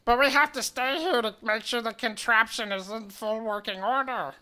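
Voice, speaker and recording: A man's voice: very high voice, normal speed, bright, forceful tone, clear, resonant tone, pitched above the performer's own voice, heavily acted. A man voicing a small, worried gnome who earnestly pleads for help in a tabletop game.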